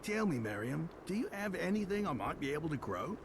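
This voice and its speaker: A chipper farmer with a shaky British accent. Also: male voice, fairly high pitch, sing-song, brisk, a little hiss or hum. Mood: friendly. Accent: put-on British by an American. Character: cheerful male villager farmer.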